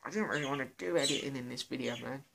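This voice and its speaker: A man's voice: mid-range voice, racing, vocal fry, background noise. A young British man answering viewer questions in a casual, self-mocking vlog. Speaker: vlogger. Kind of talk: casual Q and A chat.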